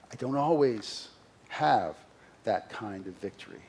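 A middle-aged man preaching a sermon as senior pastor, earnest and confessional, moving between loud emphasis and quiet asides. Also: on the low side, expressive, unhurried, slight background noise. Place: church sanctuary.

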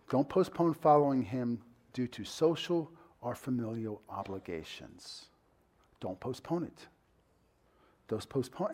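A male pastor preaching a sermon in a loose, conversational way. He leans on fillers, and his voice sits mid-range in pitch. He breaks into loud, emphatic bursts to drive a point home.

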